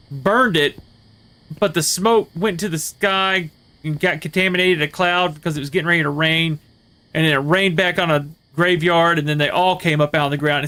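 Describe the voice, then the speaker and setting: Guy streaming a horror game, kinda high voice, rambles on with lots of uhs and likes. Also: fairly bright tone. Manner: rambling storyteller, many fillers and restarts. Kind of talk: casual chat while playing a horror game.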